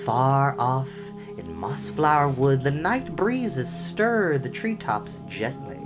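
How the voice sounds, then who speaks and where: Expressive man reading a storybook. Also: mid-range voice, slow. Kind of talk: storybook read-aloud. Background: music.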